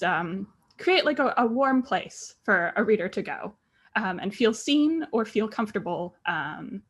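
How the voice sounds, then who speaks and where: A woman's voice: fairly high pitch, fairly bright tone. Emotional woman author, voice breaking. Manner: hesitant, many fillers, emotional. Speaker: graphic novel author on a panel. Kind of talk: panel discussion.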